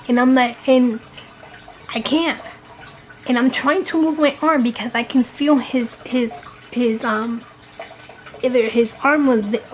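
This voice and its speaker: Emphatic woman telling a scary story. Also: sits high. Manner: dramatic, emphatic retelling with swearing. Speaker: vlogger. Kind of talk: storytime vlog.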